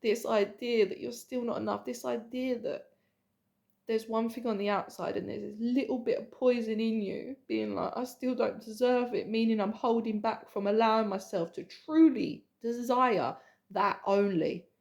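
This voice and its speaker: A woman spiritual coach giving an emotional, earnest sales pitch, repeating herself and speaking intimately to the listener. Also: fairly even intonation, moderate pace, vocal fry, a little mellow. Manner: earnest, repetitive, swears casually; addresses the listener intimately as hun and babe.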